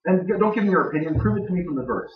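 A man's voice: high-pitched, lively intonation, racing, slight background noise. A man giving a conversational Bible teaching to a live audience, plain-spoken with dry jokes. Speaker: Bible teacher speaking to a gathering. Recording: dull, echoey room recording from far off.

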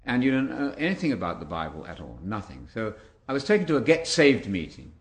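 A man's voice: mid-range voice, sing-song, fast. Older English man, guest speaker, wry storyteller with audience asides. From England.

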